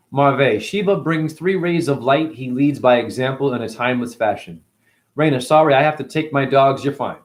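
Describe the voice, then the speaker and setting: Male livestream host, middle-pitched voice, casual and slangy, reads comments and riffs off them. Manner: rambling, slangy, loose and conversational.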